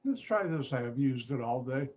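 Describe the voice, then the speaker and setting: His voice is mid-range and expressive with a darkish tone, delivered at a moderate pace. The man, a chemistry professor, patiently runs an online class, repeating points and making playful asides. A computer mic on a video call gives the audio a muffled, lo-fi feel.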